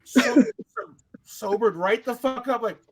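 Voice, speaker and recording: A man hosting a casual podcast, telling stories with lots of swearing and acting out what people said. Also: a little slow. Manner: animated, acts out quotes with big pitch swings, swears a lot. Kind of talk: casual storytelling chat.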